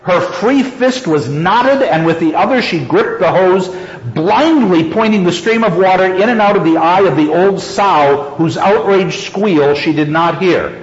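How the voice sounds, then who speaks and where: A man's voice: high voice, measured pace. A man lecturing on a story he reads aloud, chuckling often and repeating phrases for emphasis, in an echoey, dull-sounding hall recording.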